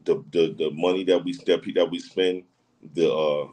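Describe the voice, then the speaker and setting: A man's voice: deep voice, steady tone, moderate pace, darkish tone, poor audio. A man talking as a podcast guest in casual chat, emphatic and repetitive, often asking if you get what he's saying. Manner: emphatic, repeats phrases, often asks "you know what I'm saying".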